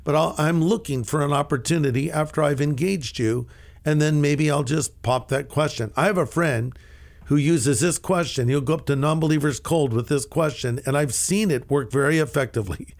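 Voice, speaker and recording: Higher-voiced man telling lively stories. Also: moderate pace, vocal fry. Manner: lively anecdotal storyteller, acts out quoted dialogue. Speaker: pastor and author. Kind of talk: storytelling in a radio interview.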